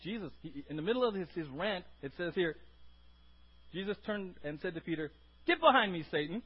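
A man preaching a sermon, animated and acting out scenes, with frequent restarts. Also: high-pitched, fairly quick, breathy edge, lo-fi sound. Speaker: pastor.

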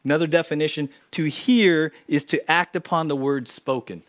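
A man preaching a sermon in church, swinging from loud emphatic lines to quiet, low asides. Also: animated, moderate pace. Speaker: pastor. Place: church sanctuary.

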